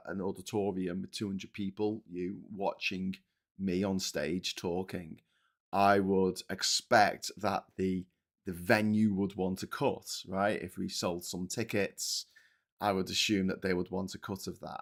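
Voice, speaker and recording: A man in a casual livestream, talking over the chat in a rambling, blunt way full of ums and the odd swear word. His voice sits a little low for a man. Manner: rambling and blunt, with frequent swearing and filler words. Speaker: livestream host.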